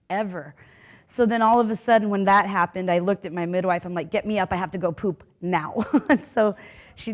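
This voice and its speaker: Older woman, panel speaker, frank personal storyteller who acts out the voices, middle pitch. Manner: vivid, candid, laughing as she tells it; acts out quoted voices with big swings of loudness.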